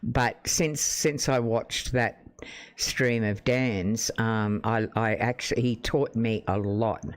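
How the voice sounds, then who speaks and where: A man's voice: on the low side, steady tone, slow pace. Rambling man chatting on stream. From Australia. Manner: chatty and rambling, laughs often, restarts sentences. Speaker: live streamer. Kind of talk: casual live-stream chat with viewers. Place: home room. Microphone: desk microphone.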